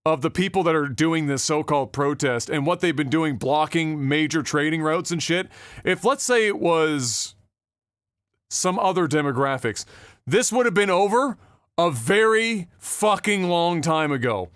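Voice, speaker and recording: A man's voice: fairly high pitch, lively intonation, unhurried, a bit bright, clear, resonant tone, no room sound, clean studio sound. A man ranting with heavy swearing in a casual podcast chat. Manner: profane, ranting, exasperated. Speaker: podcast co-host.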